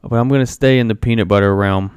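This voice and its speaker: A man co-hosting a podcast in casual chat, playful and expressive, swearing casually. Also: lowish voice, fast talker, smooth, dry recording, clean studio sound. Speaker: podcast co-host.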